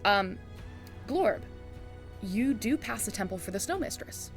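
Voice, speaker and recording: Woman, game master, casual scene narration, mid pitch, faint music behind. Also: expressive, a little slow. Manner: casual descriptive narration full of "um" and "like".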